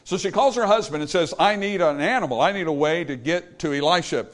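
A man's voice: fairly high pitch, fairly quick. A man preaching a sermon, reading verses in old scripture wording and retelling them in plain folksy speech.

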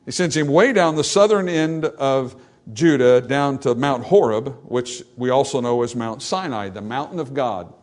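A man preaching a sermon, animated and acting out the voices in the scripture passage, then dropping to softer, reflective tones. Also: mid-range voice, normal speed. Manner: animated, acts out dialogue from scripture. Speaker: pastor.

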